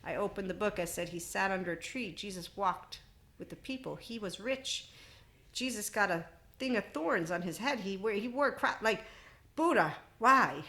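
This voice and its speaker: A woman's voice: mid-range voice, normal speed, fairly bright tone. A woman in her forties hosting a podcast, talking alone in a loose, irreverent self-help monologue with laughing asides. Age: 40s. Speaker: podcast host.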